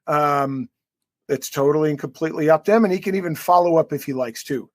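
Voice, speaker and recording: A man's voice: a little high, fast talker, dry recording, studio quality. A man co-hosting a sports podcast interview, joking and rambling with plenty of fillers. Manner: jokey, rambling, filler-heavy. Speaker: co-host.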